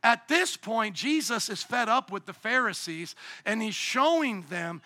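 A middle-aged man preaching a sermon as pastor, lively and acting out the people he quotes. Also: high voice, a little slow, dry recording, studio quality.

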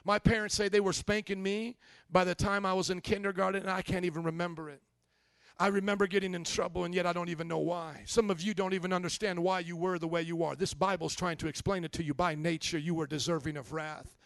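Fiery high-voiced male preacher. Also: fairly even intonation, fast talker, no room sound. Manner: impassioned preaching, rhetorical questions to the congregation, builds to shouts. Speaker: pastor. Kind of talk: sermon.

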